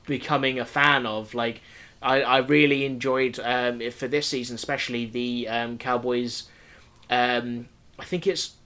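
A man's voice: medium pitch, fairly bright tone. A man chatting casually about American football as a podcast co-host, rambling with many fillers and restarts. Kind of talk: casual sports chat.

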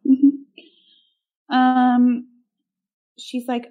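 A woman's voice: medium pitch, normal speed, a little mellow. A woman co-hosting a podcast, recapping a film in casual, sarcastic chat with many ums.

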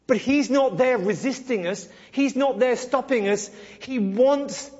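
High-voiced man preaching in an echoey hall. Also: unhurried, a little mellow, slightly rough, muffled recording. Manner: conversational, emphatic preaching with playful asides. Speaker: pastor. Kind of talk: sermon.

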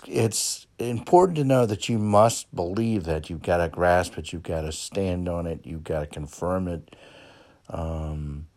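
A man's voice: sits low, darkish tone. A man hosting a motivational podcast, talking in a folksy, encouraging way with lots of ums and repeated "okay?". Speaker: podcast host. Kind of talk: motivational monologue. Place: Plymouth, Massachusetts.

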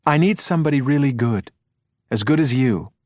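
Guy doing a fed-up lady cop, clipped and blunt, pitched up, dry close sound. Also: moderate pace, no room sound, close to an everyday voice. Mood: irritated. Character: sharp-tongued woman police detective, tense and angry.

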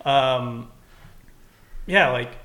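A man's voice: medium pitch, extremely slow, sharp tone, reverberant. A young man from Texas, a podcast co-host, chatting casually and rambling with lots of "like" and swearing. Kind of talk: casual chat.

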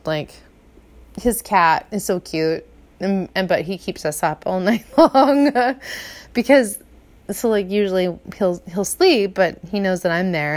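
A woman in her forties hosting a casual podcast, chatty and rambling, swearing freely and laughing often. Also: lowish voice. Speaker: podcast host.

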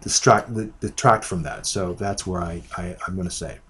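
A man co-hosting a casual movie review podcast, talking in rambling, halting bursts with frequent restarts. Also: low voice, steady tone, a bit bright, husky. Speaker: podcast co-host.

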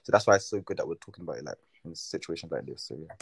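A young man, talking in a quick, casual way full of "like" as a guest in a panel discussion. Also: deep voice, animated, creaky, breathy edge. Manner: fast, filler-heavy talk with many "like"s.

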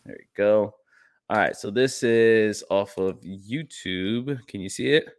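A man's voice: fairly low pitch, slow pace. A young man co-hosting a podcast in casual banter, joking, rambling through asides and laughing often. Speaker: podcast co-host. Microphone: desk mic, sharing screen.

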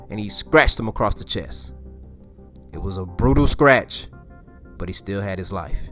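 Over faint background music, a man with a low voice and lively intonation casually retells a scary scene at a moderate pace. He rambles, repeats himself, and throws in slangy asides as he tells the story.

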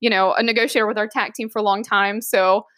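A woman's voice: medium pitch, fast, dry recording. A woman police officer telling a funny work story in casual chat, laughing often and acting out the voices of others. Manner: animated, laughs often, acts out quoted voices.

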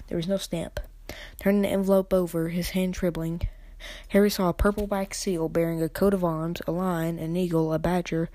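A woman reads a children's novel aloud for her podcast at an unhurried pace. She often stumbles over a word and corrects herself. Her voice is low and mellow, and the recording is dry and close. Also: no echo. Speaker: podcast reader. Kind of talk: audiobook reading.

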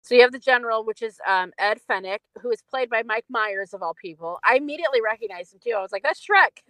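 A woman's voice: on the high side, fast, a bit bright, dry recording, rough recording. Woman podcast co-host, chatty film recap, dry close mic. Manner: chatty, many fillers and laughs. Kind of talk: casual chat about a film.

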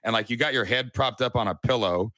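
A middle-aged man telling a personal story in a casual chat, animated and earnest, with a folksy way of talking. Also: medium pitch, fast, no room sound, studio quality. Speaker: podcast guest.

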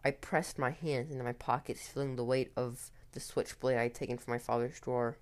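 A man telling a first-person horror story in a tense, hurried way with occasional restarts. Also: mid-range voice, steady tone.

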